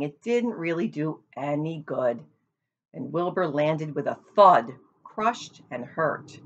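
A woman reading a children's book aloud in an expressive storytelling manner. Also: low-pitched, lo-fi sound. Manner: expressive, shows pictures to listeners. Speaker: storybook reader.

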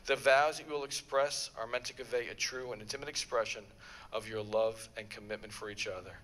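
A man's voice: mid-range voice, a little fast, fairly bright tone, big-room sound, slight background noise, rough recording. A man officiating a wedding ceremony in a formal, solemn manner and leading a prayer.

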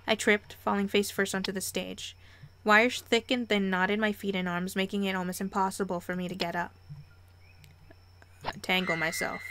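A young woman reading a visual novel aloud and commenting as she plays, expressive and quick to react. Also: mid-range voice, a little hiss or hum. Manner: expressive, reads narration and reacts with excited squeals. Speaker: let's play host.

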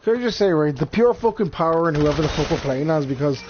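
A man's voice: on the high side, lively intonation, quick pace, darkish tone, dull audio, slight background noise. A young man doing casual gameplay commentary, crude and sweary, laughing often as he jokes. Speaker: gamer.

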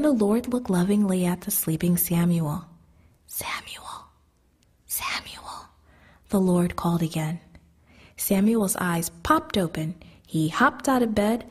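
A woman telling a children's Bible story in a gentle, soft manner, often dropping to a whisper. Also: mid-range voice, husky.

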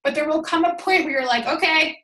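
A woman coaching her team over a call, energetic and emphatic, chatty with lots of "like"s. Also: high voice, brisk, echoey room, background noise. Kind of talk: motivational team call talk. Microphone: call audio.

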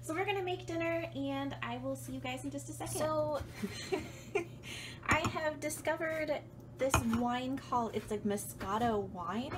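A woman's voice: sits high, a little slow, noisy background. A young woman with a cold, chatting in a bubbly, giggly way as she vlogs at home. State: has a cold. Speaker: vlogger and streamer. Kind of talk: casual vlog chat. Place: home kitchen and computer desk.

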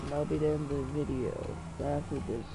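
A man's voice: a little high, brisk, music in the background, rough recording. A man giving solo gameplay commentary, muttering and cursing at the game as he plays. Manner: excitable, mutters and curses at the game. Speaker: gamer.

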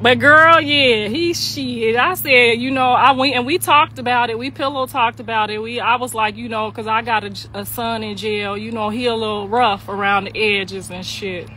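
A middle-aged woman spins a family story in loose, slangy talk, laughing as she goes. Her voice sits a little high and rings bright and forceful. A faint noise runs under the recording. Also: fairly even intonation, moderate pace, hardly any pauses. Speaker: storyteller, mother. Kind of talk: casual storytelling monologue.

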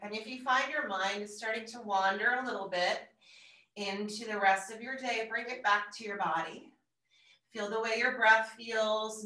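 A woman instructor calmly cueing a floor workout, breathing out between counts with steady encouragement. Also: mid-range voice. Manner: calm, encouraging cueing with audible exertion breaths. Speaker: fitness instructor. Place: room at home, exercising on the floor. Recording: roomy, distant from the mic.

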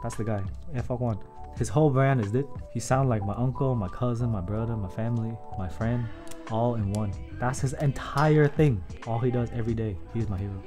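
A man riffing through a casual livestream as he works, excitable and quick to swear. His voice sits in an ordinary middle pitch, and he jokes with his viewers between tasks. Soft music plays faintly behind him. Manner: excitable, profane, joking, talks to chat. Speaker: keyboard builder streamer. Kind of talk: casual livestream commentary while building.

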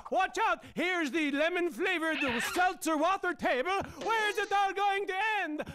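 A man voicing an excitable Swedish comedian who rants indignantly about everyday things, with a Swedish accent. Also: very high-pitched, background noise. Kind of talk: cartoon voice acting.

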